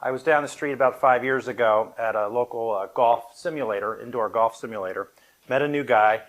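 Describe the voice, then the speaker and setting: A man's voice: medium pitch, fairly quick. A middle-aged man, a funeral director, gives a live talk to an audience in a conversational, anecdotal way with light humor. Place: event room at a funeral home, with an audience present.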